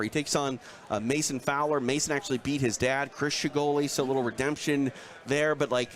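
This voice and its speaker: A man co-hosting a live fight preview show, chatting in an animated way with lots of fillers. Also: mid-range voice. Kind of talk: live sports talk.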